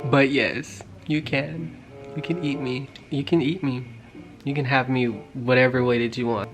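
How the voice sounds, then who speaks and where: A young man tells a storytime in loose, slangy talk, full of fillers. His voice sits at a medium pitch but jumps up and gets loud when he reacts, then falls to quiet asides. Soft music plays faintly underneath. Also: moderate pace. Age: 20s. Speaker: vlogger. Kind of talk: storytime vlog.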